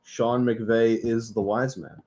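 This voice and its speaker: A man co-hosting a laid-back sports podcast, throwing in dry jokes. His voice is dark and mellow, and his pitch sits in the middle range. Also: fairly even intonation, slow. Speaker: co-host. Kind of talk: casual sports chat.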